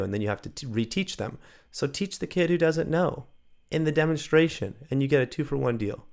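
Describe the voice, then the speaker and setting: A man training new gymnastics coaches in a loose, chatty way. His voice has a gravelly edge, and he keeps jumping into little acted-out bits of what he'd say to kids. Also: medium pitch, fast talker. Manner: animated, acts out quoted lines. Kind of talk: casual training talk.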